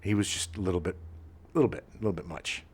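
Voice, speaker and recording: A man's voice: sits low, fast, breathy edge. A middle-aged man co-hosting a podcast, chatting casually about films and acting out scenes as he retells them. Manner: animated storyteller, acts out movie scenes. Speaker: podcast co-host. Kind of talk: casual chat.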